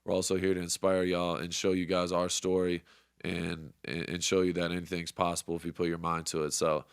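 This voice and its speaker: Young male podcast host, low smooth voice, hyped and profane, dry close sound. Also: monotone, brisk, no room sound. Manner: fired-up, profane, motivational. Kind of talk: casual sports podcast chat.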